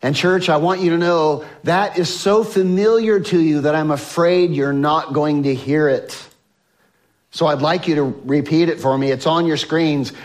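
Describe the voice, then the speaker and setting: A male pastor preaching a sermon to his congregation on a microphone, swinging between loud emphasis and soft, slow lines. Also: on the high side, fairly even intonation. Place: church sanctuary with congregation.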